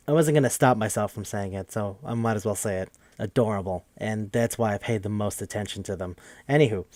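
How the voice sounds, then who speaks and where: A man's voice: lowish voice, a little mellow, no echo, clean studio sound. Rambling, profane man recapping a game. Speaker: podcast host. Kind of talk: casual recap chat.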